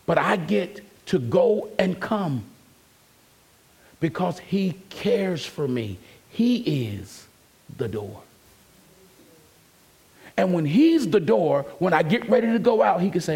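A man's voice: high voice, expressive, takes it slowly, vocal fry, pauses often, a little mellow, husky. A man preaching an emphatic, conversational sermon as a pastor and calling out to his congregation.

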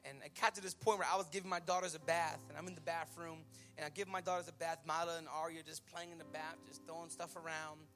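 A male pastor in his thirties preaching a sermon with stories, impassioned and swinging from loud to hushed. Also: on the high side, level tone, quick pace, faint music behind. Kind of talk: sermon with storytelling.

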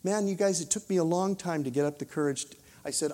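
A man preaching with a somewhat high voice, possibly. He tells his story with animation, dropping to a hushed tone when he quotes prayers and voices. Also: fast. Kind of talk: sermon with storytelling.

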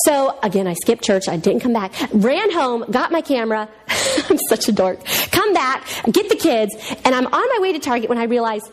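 A middle-aged woman giving a humorous church teaching talk with personal stories, animated and acting out the voices of people she quotes. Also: fairly high pitch, moderate pace. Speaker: women's speaker.

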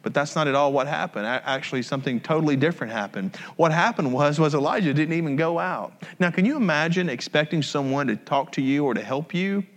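Storytelling preacher in a reverberant hall. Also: male voice, a little high, fast, few pauses. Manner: conversational storytelling, repeats phrases. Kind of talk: sermon. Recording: long reverb of a large hall.

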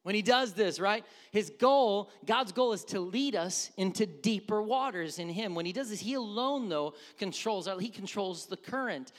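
High-voiced male pastor in echoing hall. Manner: conversational, asks the congregation questions. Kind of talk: sermon. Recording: reverberant hall.

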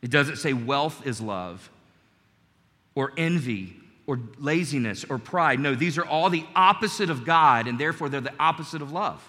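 A man's voice: a little high, lively intonation, moderate pace, sharp tone, big-room sound. A man in his forties preaching a sermon, telling a personal story in an earnest, emphatic way. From North Carolina. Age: 40s. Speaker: pastor.

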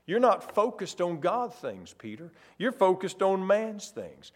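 A man preaching a sermon, stressing words with sudden loud, slow phrases. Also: sits high. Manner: emphatic, varies loudness and pace for stress.

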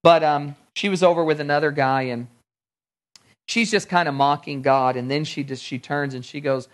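A man's voice: on the high side, fairly even intonation, moderate pace. A man preaching a sermon, telling personal stories in a conversational way and acting out the dialogue. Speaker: pastor.

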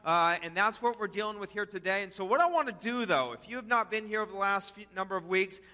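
A man's voice: high-pitched, lively intonation, fast, pushed and bright. A senior pastor giving a conversational sermon to his congregation, with fillers and calls to repeat after him. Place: church sanctuary. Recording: long hall reverb.

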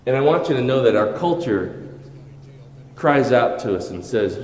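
A man's voice: lowish voice, normal speed, darkish tone. A man preaching a sermon as pastor, earnest, stopping to restart phrases and asking the congregation rhetorical questions. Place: church hall. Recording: echoey hall with long reverb.

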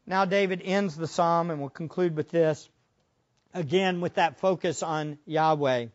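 A man preaching a sermon as pastor, impassioned, moving between hushed and loud passages. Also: high voice, highs cut off.

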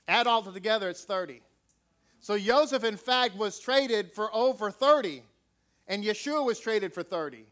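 A man's voice: sits high, fairly bright tone. A man preaching a sermon, emphatic and asking his listeners many rhetorical questions.

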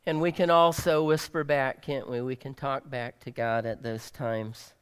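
Male pastor, sermon delivery; slow, dramatic, loud-to-hushed swings, recorded in a reverberant hall. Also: mid-range voice, fairly even intonation, clear, resonant tone. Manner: dramatic, swings between loud emphasis and soft near-whispers.

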